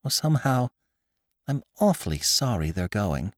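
A man voicing a kind young wife who speaks softly and sympathetically. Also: on the low side, big pitch swings, normal speed, no echo, clean studio sound. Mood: fond. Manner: soft and sympathetic.

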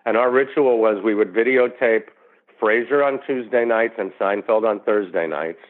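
Over a tinny phone line, a New York actor appearing as an interview guest tells stories in a casual way, animatedly acting out the quoted voices. His voice is fairly low and moves at a normal speed.

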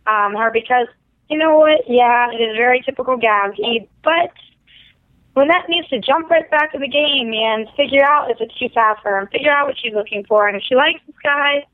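A woman co-hosting a podcast over a phone line, chatting in an animated, self-deprecating way about a TV episode. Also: sits high, normal speed, no echo. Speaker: podcast co-host. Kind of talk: casual TV recap chat.

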